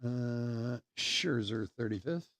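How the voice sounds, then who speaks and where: A man's voice: medium pitch, lively intonation, slow pace, a bit bright, dry recording, studio quality. A middle-aged man hosting a live card break, chatting casually and telling stories with frequent laughter. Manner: storytelling, laughs often. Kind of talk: casual live-stream chat. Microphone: desk mic on a stream setup.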